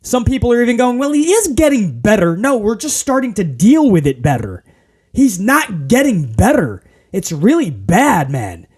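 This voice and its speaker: Animated ranting man, lively pitch. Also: normal speed, husky. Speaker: podcast host. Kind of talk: casual wrestling review rant.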